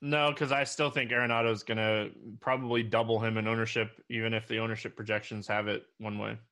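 A man's voice: lowish voice, flat delivery, a little fast, bright, forceful tone. A man giving fantasy baseball picks in a casual chat, with many "like" fillers. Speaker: co-host analyst. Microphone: desk mic.

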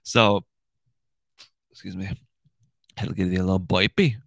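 This podcast host is a young man talking from a room in his house in a loose, profane monologue, forever tacking "dude" and "right?" onto what he says. He sounds low and creaky, slightly bright, with fairly even intonation at a moderate pace, recorded without echo.

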